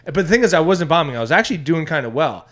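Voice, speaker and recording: A young man, a stand-up comedian, telling a story in casual chat, rambling with restarts and bursting into loud voices for other people. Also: on the high side, very animated, very fast. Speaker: stand-up comedian, podcast co-host.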